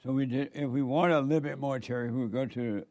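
A preacher from Alabama, chatting casually and asking quizzical, teasing questions. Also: male voice, medium pitch, steady tone, brisk, a little mellow, no echo. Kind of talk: casual conversation.

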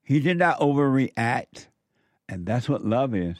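A man's voice: mid-range voice, sing-song, unhurried, no room sound. A man hosting a commentary show, preaching emphatically and telling stories from his youth. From southern United States. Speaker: commentary host.

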